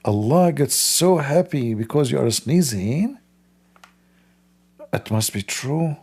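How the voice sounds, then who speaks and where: A man's voice: mid-range voice, lively intonation, slow pace, darkish tone, slightly rough. A man hosting a livestream, talking in a mocking, sarcastic way. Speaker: host. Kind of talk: livestream commentary.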